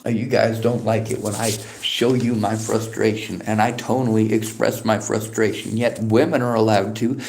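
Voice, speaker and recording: Male livestreamer, gravelly and low, lecturing his chat in a profane, bitter rant. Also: little pitch movement, normal speed, few pauses, darkish tone. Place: library.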